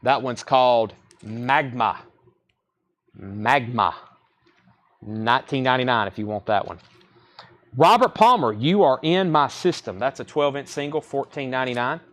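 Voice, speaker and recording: A man's voice: mid-range voice, moderate pace, a bit bright. A man hosting a live record sale stream, rattling off titles and prices with casual asides. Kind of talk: live sales stream chat.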